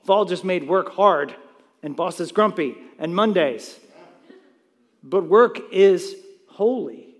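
A slightly high-voiced man preaching from the pulpit, pressing each point home and asking the room questions he then answers. His voice rings out with a long reverb tail, as in a large church sanctuary. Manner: emphatic preaching with rhetorical questions. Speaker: pastor. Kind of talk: sermon.

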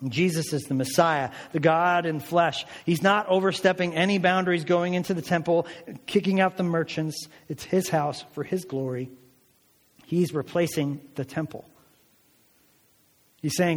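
A man's voice: a little high, fairly even intonation, normal speed, in a large hall. A male pastor preaching a sermon, earnest and emphatic, with a lot of repetition.

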